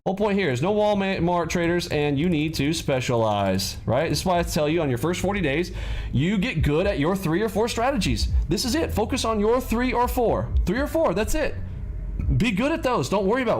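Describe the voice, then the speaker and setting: A man teaching traders in an energetic, animated way, acting out scenes and yelling encouragement. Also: high voice, normal speed, a little hiss or hum. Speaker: trading coach. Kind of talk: hyped-up motivational teaching.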